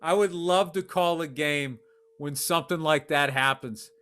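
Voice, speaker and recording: A man co-hosting a podcast, telling animated, profane stories in casual chat. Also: on the high side, unhurried, smooth. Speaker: podcast co-host.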